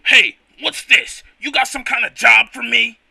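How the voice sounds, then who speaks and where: A gruff, short-tempered carpenter boss creature barks his questions, voiced by a man. His tone is blunt and bright, and the sound is dry. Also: very high-pitched, measured pace, no room sound, exaggerated voice.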